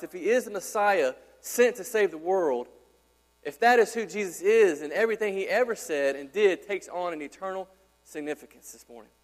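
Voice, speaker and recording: A man in his thirties, a pastor, preaching an emphatic sermon with repeated rhetorical questions. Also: high voice. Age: 30s. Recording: long hall reverb.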